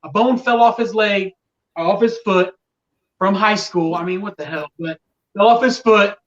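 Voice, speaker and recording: A man's voice: high-pitched, moderate pace, far from the mic, lo-fi sound. A man talking casually on a sports podcast, venting with exasperation about fickle fans. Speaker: podcast guest, Colts fan.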